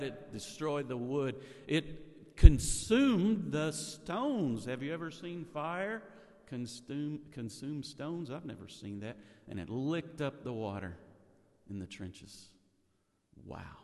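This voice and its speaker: A man preaching a sermon, telling the story with rhetorical questions and frequent restarts. His pitch is ordinary for a man. A long reverb from a large hall follows his words.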